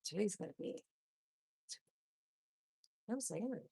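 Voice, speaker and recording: A woman's voice: medium pitch, lively intonation, slow, creaky, slightly rough, no room sound, studio quality. A woman hosting a casual livestream from home, swearing constantly, laughing a lot and teasing her chat. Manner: profane, loud, laughs often, teasing. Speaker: livestream host.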